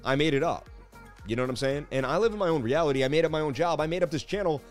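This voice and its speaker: A man's voice: a little high, very fast, soft background music. Hyped male crypto stream host. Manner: hyped, preachy, says "baby" often. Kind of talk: live market analysis chat.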